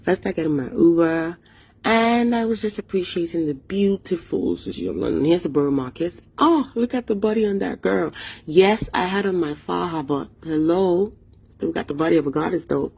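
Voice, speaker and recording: A Nigerian woman with a Nigerian accent and a low, husky voice gives a casual vlog voice-over. She is playful and chatty, pokes fun at herself and drifts into pidgin phrases. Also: normal speed, a little mellow. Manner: playful, chatty, self-mocking, slips into pidgin. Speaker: food vlogger.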